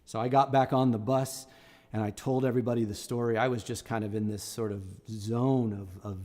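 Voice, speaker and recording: A man's voice: mid-range voice, fairly even intonation, a little fast, darkish tone, in a large hall. A middle-aged man, a singer-songwriter on a live stream, telling a story in a casual and rambling way with many restarts. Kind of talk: casual spoken storytelling between songs.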